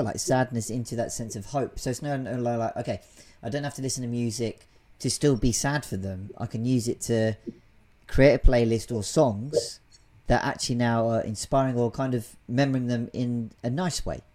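A man's voice: mid-range voice, a little fast, mellow. A man hosting a podcast interview, summing up his guest's story in a reflective, affirming way with hesitant fillers. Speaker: podcast host. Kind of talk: conversational interview.

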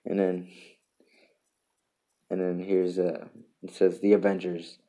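A man hosting a casual solo podcast, reading memes aloud in a halting way with chuckles and restarts. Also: low voice, completely flat delivery, dark tone. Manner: halting, self-interrupting, chuckles between lines. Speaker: podcast host.

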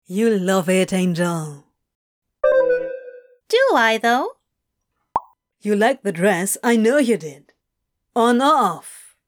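A woman's voice: medium pitch, lively intonation, takes it slowly, long pauses. A woman voicing a brash, scheming man who talks in a hasty, coaxing way. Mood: teasing.

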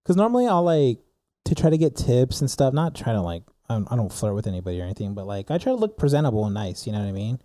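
Young guy telling a story, super mellow dark voice, acts out all the lines, dry close mic. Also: medium pitch, quick pace, no echo. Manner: animated storyteller, acts out dialogue with filler words. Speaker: podcast co-host telling a story. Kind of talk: casual storytelling chat.

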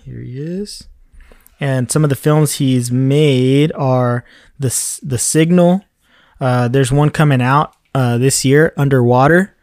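A man's voice: mid-range voice, slow, a little mellow, no room sound. A man talks in a casual chat. He tells a story in a loose, slangy, easygoing way. The sound is dry and close. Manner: laid-back slangy storyteller, says "dude" a lot.

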